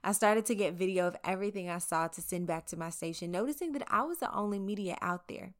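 A local TV reporter from the American South narrates her own story in scripted first-person form, candid and conversational with wry asides. She speaks quickly in a mid-range voice.

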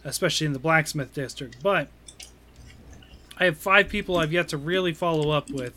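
A man voicing a tiny, proud, tireless female gnome investigator in a tabletop game, talking earnestly and a little haltingly. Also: deep voice, bright, forceful tone, a little hiss or hum. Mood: briefing. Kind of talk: tabletop role-play.

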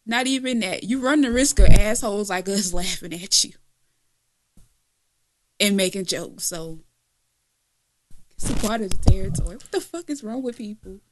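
A woman's voice: medium pitch, moderate pace, pauses often, slight background noise. A woman co-hosting a podcast in casual chat, blunt and profane, laughing often. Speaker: podcast co-host.

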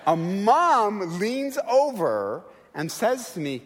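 A middle-aged man preaching a sermon, telling stories and acting out quoted voices in a lively, animated way. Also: high voice, slow, in a large hall, a little hiss or hum. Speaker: guest preacher. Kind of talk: sermon with storytelling. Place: church sanctuary.

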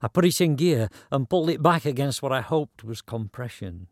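A man's voice: medium pitch, lively intonation, fairly quick, no room sound. A man narrating a story in a dry, wry, conversational way.

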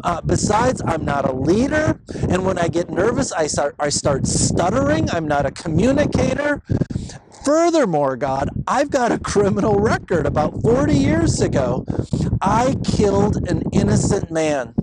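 A man's voice: high-pitched, sing-song, unhurried, heavy background noise. A man playing a reluctant old shepherd who protests and piles up excuses, in a sermon retelling. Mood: protesting. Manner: protesting, complaining.

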